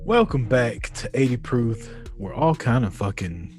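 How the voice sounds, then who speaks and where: A man's voice: medium pitch, sing-song, measured pace, over loud music. A podcast co-host man at home, chatting crudely and joking with frequent laughs. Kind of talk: casual podcast banter. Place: home room.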